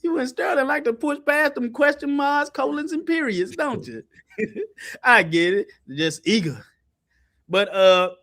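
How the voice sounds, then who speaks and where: High-pitched animated man teaching scripture. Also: moderate pace. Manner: lively, colloquial, jumps high in pitch for emphasis, laughs often. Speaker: teacher running an online Bible study. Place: online video call.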